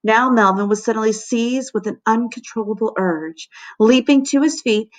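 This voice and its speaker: A teacher reading a children's chapter book aloud to her class, with expressive, dramatic storytelling. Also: fairly high pitch, moderate pace. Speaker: fourth grade teacher.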